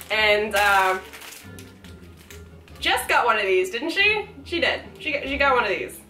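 A woman vlogger opening fan mail at home, gushing and excitable, swearing casually, recorded with roomy echo. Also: a little high, takes it slowly, long pauses, faint music behind. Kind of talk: casual chat.

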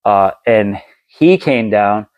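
A man's voice: on the low side, animated, slow pace, highs cut off. A man hosting a podcast, telling a long story in casual chat with lots of fillers and restarts. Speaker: podcast host.

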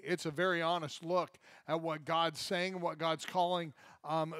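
A man preaching a sermon as pastor, telling a funny story from childhood with lively acted-out quotes. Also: on the high side, no room sound, studio quality. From Michigan. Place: church.

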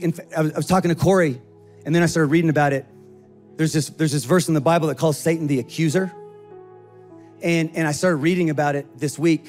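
High-pitched guy pastor preaching easter, acts out the voices, faint music in the back. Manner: animated, acts out quoted voices. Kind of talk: sermon.

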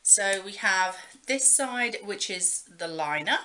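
Woman, young adult, beauty vlogger; leisurely, chatty delivery full of ums; bright, forward voice. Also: mid-range voice, expressive, a little hiss or hum. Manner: chatty and rambling, with many pauses and fillers. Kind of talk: casual show-and-tell chat.

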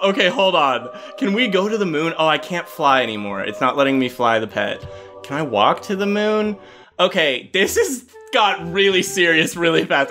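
A man giving excited gameplay commentary as a video host, often breaking into laughs and quick exclamations. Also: fairly high pitch. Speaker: gaming YouTuber.

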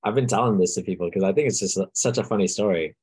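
A man's voice: on the low side, racing, darkish tone, slightly rough, dry recording. A man co-hosting a podcast in casual chat, mostly chiming in with short agreements. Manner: brief agreeing interjections.

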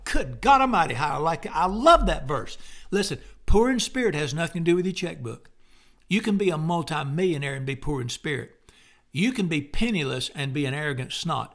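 A middle-aged man preaches in a fervent, homespun way. His voice sits a little high for a man, and he bursts into loud exclamations between plain, conversational stretches. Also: gravelly. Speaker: pastor. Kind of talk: sermon.

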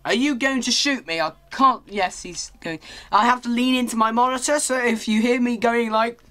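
A British man commentating his own video game play, rambling and hesitant, breaking into excited yelps. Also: extremely high pitch. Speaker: gaming channel host.

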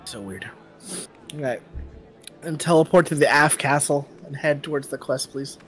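A man's voice: fairly high pitch, moderate pace, a bit bright, faint music behind. A man co-playing a game on stream, chatting casually with teasing, swear-laced banter. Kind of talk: casual gameplay chat.

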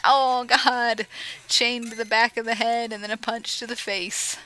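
A woman giving casual, joking commentary over a retro game she is playing, with sarcastic asides and excited yelps. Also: on the high side, a little slow, faint music behind, rough recording. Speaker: let's play commentator. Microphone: home microphone.

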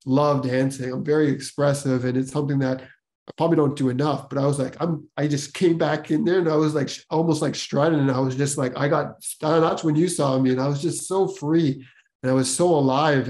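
A man's voice: on the high side, fairly even intonation, normal speed, a little mellow. A man hosting a podcast, telling his personal story casually, rambling and full of filler words. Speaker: podcast host.

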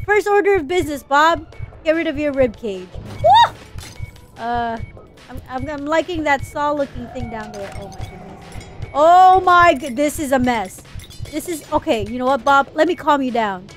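A woman's voice: high voice, animated, normal speed, soft background music. A young woman giving frantic, exclaiming gameplay commentary, panicking and giggling as she plays. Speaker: let's play gamer.

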